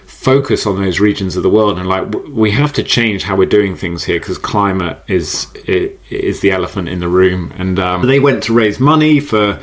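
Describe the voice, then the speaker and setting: A man speaking as a podcast guest, explaining ideas in an animated way, often repeating words and laughing easily. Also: deep voice, normal speed, hardly any pauses. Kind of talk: conversational podcast interview. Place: based in the UK.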